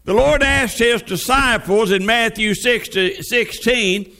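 A man delivers a sermon as vivid storytelling, dropping his voice for dramatic moments. His delivery is slow and deliberate, and his tone is unusually high. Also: sharp tone. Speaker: preacher.

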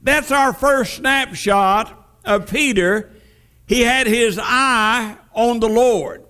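A man preaching a sermon, retelling a Bible story vividly and dropping his pitch for dramatic effect. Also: takes it slowly, pushed and bright.

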